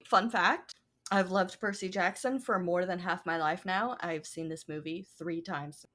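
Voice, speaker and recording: A woman's voice: lowish voice, a little slow, fairly bright tone. A woman who is a guest on a podcast, talking in casual chat with a wry, exasperated manner.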